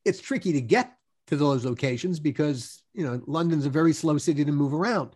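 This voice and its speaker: High-voiced man explaining thoughtfully. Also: brisk, a little mellow. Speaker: producer recalling production. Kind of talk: casual podcast conversation.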